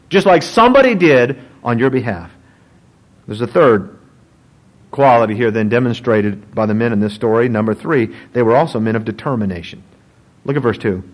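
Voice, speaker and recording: A man, a pastor, preaching a sermon in an animated, joking storytelling manner. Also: mid-range voice, normal speed, pauses often, rough recording.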